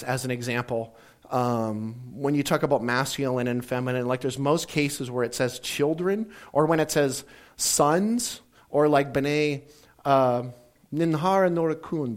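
A man's voice: medium pitch, a little slow. A man giving a casual teaching talk, rambling through stories and acting out little bits of dialogue with jokes. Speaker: speaker teaching about Bible translation.

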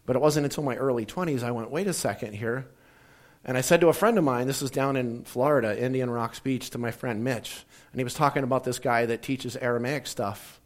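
A man's voice: medium pitch, a little fast. A man giving a casual teaching talk, rambling through stories and acting out little bits of dialogue with jokes. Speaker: speaker teaching about Bible translation.

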